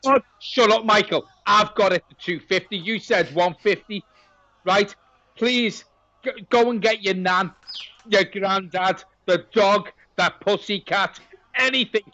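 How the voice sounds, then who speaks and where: A man's voice: sits high, measured pace, bright, forceful tone, no room sound, dull audio. A man co-hosting a football watch-along stream in casual banter, cheekily rallying viewers like an auctioneer.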